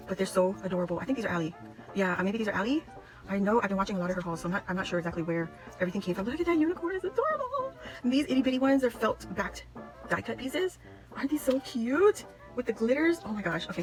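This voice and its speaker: A woman vlogger unboxes craft gifts on camera in excited casual chat, gushing and exclaiming again and again. Her voice is medium-pitched, with a noisy background.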